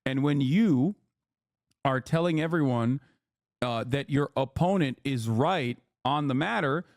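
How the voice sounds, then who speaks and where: A man streaming from his living room, giving political commentary in an animated, exasperated rant with blunt slang. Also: medium pitch, unhurried, no room sound, clean studio sound. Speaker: Twitch streamer.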